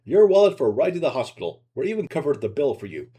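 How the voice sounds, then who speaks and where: A man's voice: mid-range voice, big pitch swings, fast, dark tone, husky. A man voicing a menacing male Russian mafia thug with a Russian accent, in a storybook reading, with a taunting, mocking manner.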